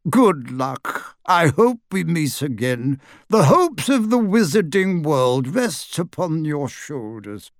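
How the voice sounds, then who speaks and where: A man voicing a fussy, cheerful old wizard, bright and a little flustered. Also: a little high, big pitch swings, slow pace, hardly any pauses, no room sound, studio quality, full character voice.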